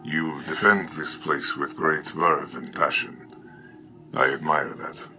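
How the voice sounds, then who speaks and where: A man voicing an earnest noble warrior who speaks formally and apologizes with measured dignity. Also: rumbling low, fairly even intonation, pushed and bright, faint music behind, exaggerated voice.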